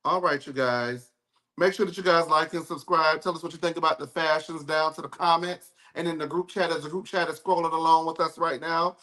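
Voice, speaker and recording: A man's voice: a little high, fairly even intonation, a little fast, pushed and bright. A man hosting a live reality TV review show, chatting casually in a sassy, campy way. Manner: sassy, campy, calls people girl and baby. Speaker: podcast host. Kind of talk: casual reality TV recap chat.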